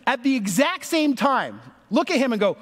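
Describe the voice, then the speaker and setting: A man in his thirties preaches with a notably high, lively voice, acting out the people in his story. His words ring with the long reverb of a large church hall. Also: moderate pace. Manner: animated, acts out voices in stories. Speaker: pastor. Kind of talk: sermon storytelling. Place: church sanctuary.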